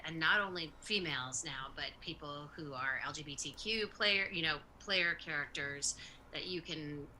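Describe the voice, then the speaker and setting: A woman makes a thoughtful, enthusiastic point in a relaxed panel chat. Her voice sits very low, yet her tone is sharp and bright. Faint noise lies under her mic. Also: rough recording.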